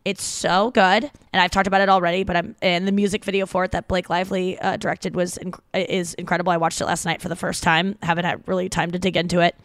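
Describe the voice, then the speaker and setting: A woman hosting a podcast in casual chat, rambling and excitable, with crude jokes and easy laughs, on a close microphone. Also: lowish voice, fast talker, hardly any pauses, no echo. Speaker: podcast host.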